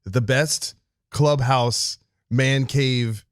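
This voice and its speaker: A man's voice: medium pitch, steady tone, extremely slow, clean tone, dry recording, studio quality. A man hosting a podcast, steering the casual chat with short agreeing words and follow-up questions. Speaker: podcast host.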